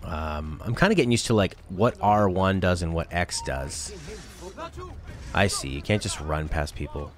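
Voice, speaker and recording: A young gaming channel host with a low voice talks at normal speed while playing through a video game. His casual let's-play commentary is chatty, rambling and full of jokes.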